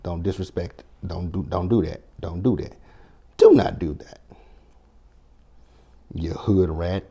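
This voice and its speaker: A man's voice: sits low, slow, long pauses, warm tone, husky. A man recapping a reality TV show in a sassy, blunt, profane way, quoting his own reactions as he goes. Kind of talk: casual recap commentary.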